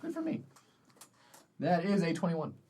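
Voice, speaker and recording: Playful man with a lively voice, player. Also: fairly high pitch, a little slow, far from the mic, a little hiss or hum. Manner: playful, goofy. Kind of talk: casual tabletop play.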